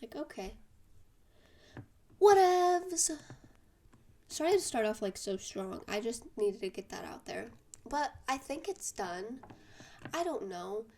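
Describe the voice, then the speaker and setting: A teenage girl telling a school drama story in a casual vlog, animated and venting with lots of fillers. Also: medium pitch, moderate pace, creaky. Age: teens. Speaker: vlogger.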